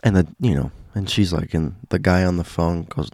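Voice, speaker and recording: A man's voice: low-pitched, normal speed, hardly any pauses, a little mellow, dry recording, studio quality. A man casually retelling a spooky story in a dramatic way, often asking rhetorical questions.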